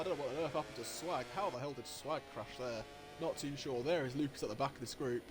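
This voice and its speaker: A man giving live commentary on an online motorcycle race, getting excitable and jumping high at the overtakes, with race engine noise behind him. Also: quick pace. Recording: noisy with engine sounds behind. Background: racing game engine noise.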